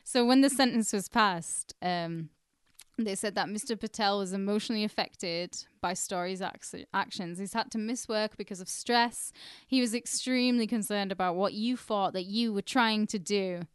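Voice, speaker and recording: A woman's voice: mid-range voice, moderate pace, smooth, no echo, studio quality. A woman co-hosting a podcast, telling a story in a chatty way, swearing casually and laughing often. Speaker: podcast co-host. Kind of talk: casual chat.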